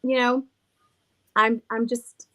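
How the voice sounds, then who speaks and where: A woman's voice: a little high, little pitch movement, takes it slowly, sharp tone. A middle-aged woman who owns a haunted house, rambling through stories in casual chat, laughing and swearing freely. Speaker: haunted villa owner.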